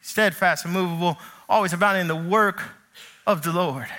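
A man with a high, bright voice preaches a sermon as pastor. He speaks earnestly and tells stories with lively energy. On his key phrases he sinks low and slows down. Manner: animated storytelling with acted quotes.

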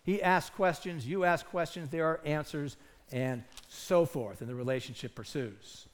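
A man's voice: fairly high pitch, normal speed. A man preaching a sermon as pastor, earnest and emphatic, asking his listeners rhetorical questions.

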